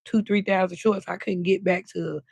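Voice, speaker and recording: A woman's voice: mid-range voice, steady tone, moderate pace, gravelly, darkish tone, slightly rough, no room sound. A woman hosting a casual late-night livestream, chatting freely and greeting viewers by name, drawing her words out. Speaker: livestream host.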